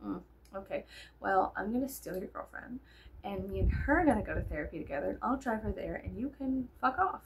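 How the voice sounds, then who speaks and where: A woman's voice: medium pitch, expressive, brisk, a little hiss or hum. A tired young woman rambling to her viewers in a casual vlog, swearing a lot and joking sarcastically. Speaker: vlogger. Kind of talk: casual chat to camera.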